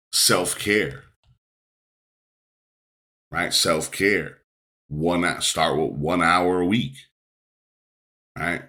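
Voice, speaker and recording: A man's voice: deep voice, a bit bright. A middle-aged man hosting a podcast, coaching listeners on self-awareness in an emphatic, repetitive way, often checking in with "right?". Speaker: life coach and podcast host. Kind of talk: motivational podcast monologue.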